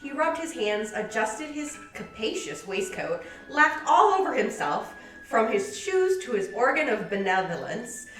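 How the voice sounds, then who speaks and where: Woman reading a story aloud, lively animated pitch, a bit high, roomy distant sound. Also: a little slow, faint music behind. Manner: lively, laughs often, acts out quoted lines. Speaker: library podcast reader. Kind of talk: reading a classic novel aloud with chat.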